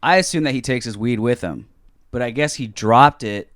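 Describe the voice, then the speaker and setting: A young man from California, a podcast co-host, telling a story in a casual, animated, heavily profane way on a close mic. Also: medium pitch, normal speed, no room sound.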